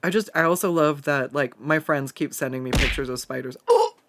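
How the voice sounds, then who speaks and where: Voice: mid-range voice, lively intonation, a little fast, hardly any pauses, fairly bright tone, a little hiss or hum. Chatty cursing streamer from the Pacific Northwest. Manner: chatty, swears freely, laughs often. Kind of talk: casual chat while drawing and reading chat aloud.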